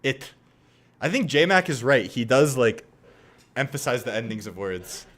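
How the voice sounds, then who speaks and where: A man's voice: medium pitch, sing-song, measured pace, a bit bright. A man chatting casually on a livestream, joking and reacting to clips. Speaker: streamer.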